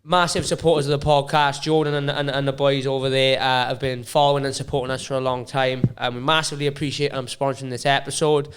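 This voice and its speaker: A man's voice: medium pitch, flat delivery, fast talker, hardly any pauses, clear, resonant tone. A man hosting a podcast, reading a sponsor message and asking his guest questions. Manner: reads a sponsor message, brief agreeing interjections. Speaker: podcast host. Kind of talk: casual chat. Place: podcast studio.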